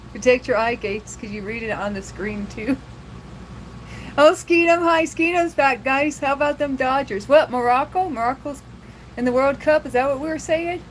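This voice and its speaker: A woman's voice: high voice, normal speed, slight background noise, low-quality recording. Giggly woman chatting on a livestream. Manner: giggly, laughs often, chatty and loose. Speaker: livestream host. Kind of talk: casual livestream chat with viewers.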